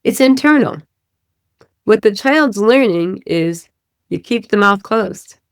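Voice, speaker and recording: A woman speech-language pathologist explains a therapy method on a teaching podcast, demonstrating sounds and checking in with "right?". Her mid-range voice is animated, slow, clear and resonant, captured in a dry, clean studio recording.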